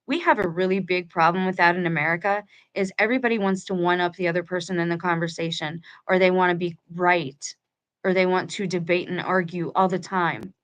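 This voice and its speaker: A woman's voice: lowish voice, steady tone, fairly quick. A woman reading a book aloud to her viewers and breaking off into casual commentary, talking in a conversational way with restarts. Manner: conversational, chatty asides to viewers, restarts mid-sentence.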